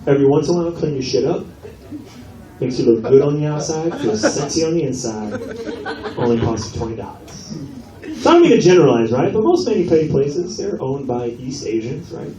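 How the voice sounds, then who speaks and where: A brash, profane male comedian works a club audience with a lively, bouncing delivery. He sounds roomy and set back from the mic. A crowd laughs around him. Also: fairly high pitch, fairly quick. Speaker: stand-up comedian. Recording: echoey club from a distance with crowd.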